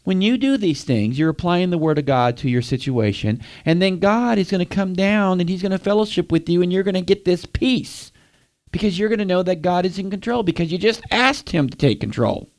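A man's voice: high voice, animated, a little fast, darkish tone. A man preaching a sermon, speaking straight to his listeners and asking them questions. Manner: direct, asks the listeners questions.

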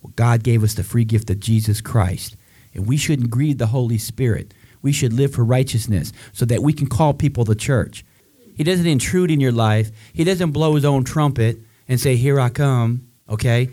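A man's voice: mid-range voice, moderate pace, dark tone. Male preacher, fervent sermon delivery, punchy rhetorical tag questions, mid-range voice.

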